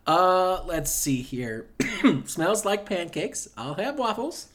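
A man co-hosting a casual podcast chat in an easygoing, measured way. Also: high-pitched, very animated, a bit bright. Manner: easygoing, measured, with frequent fillers. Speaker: podcast co-host.

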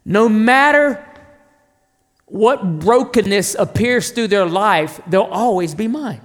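Man, thirties, very high voice, passionate sermon, rhetorical questions. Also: slow, in a large hall. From North Carolina, USA. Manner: passionate, animated preaching with rhetorical questions to the crowd. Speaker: preacher.

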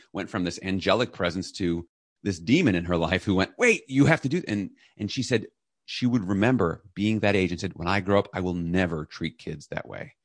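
A middle-aged man, a podcast guest, telling a personal story in an earnest, reflective way and briefly acting out the loud lines he quotes. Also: low voice, dry recording, clean studio sound.

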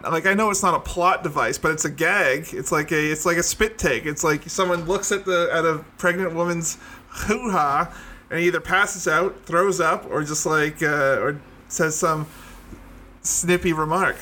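Bright-voiced guy rambling and cracking quips, slightly high voice. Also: moderate pace, a little hiss or hum. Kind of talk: casual chat.

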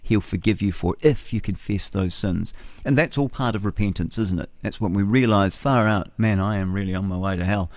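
Chatty New Zealand radio host, low and dry. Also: male voice, a little fast, a little mellow, no room sound. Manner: chatty, opinionated, laughs at own jokes. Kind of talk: rambling talk-radio monologue. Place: radio studio.

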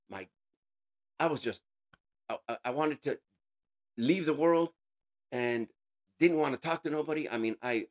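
A man giving an emotional personal testimony in an interview, earnest, calling the listener bro, voice rising high and dropping to a hush. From United States. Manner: swings between raised intensity and hushed quiet. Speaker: interview guest.

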